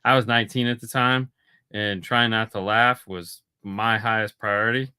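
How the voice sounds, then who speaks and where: Male co-host, Florida-raised, animated storyteller, bright and crisp voice. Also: fairly low pitch, moderate pace. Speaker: podcast co-host. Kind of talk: casual chat.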